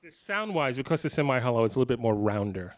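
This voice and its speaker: A fast-talking guitarist in his fifties, with a mid-range voice, regales a live clinic audience with funny stories. The delivery is animated and casual, full of jokes and frequent laughter.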